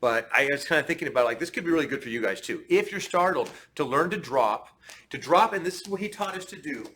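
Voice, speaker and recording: A man's voice: fairly high pitch, expressive, quick pace, sharp tone, a little hiss or hum. A man teaching a martial arts class, chatty and friendly, often checking in with his students. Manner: chatty, laughs often, restarts and checks in with "okay?".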